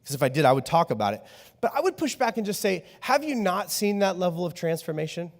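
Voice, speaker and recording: Pastor, male, higher register, animated comic sermon delivery, church hall reverb. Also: fast talker. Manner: animated, joking storyteller.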